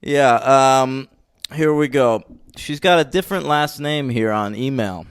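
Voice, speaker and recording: A man co-hosting a film podcast in casual chat, excitable and swearing, teasing his co-host. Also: mid-range voice, a little slow, clean tone, no echo, studio quality.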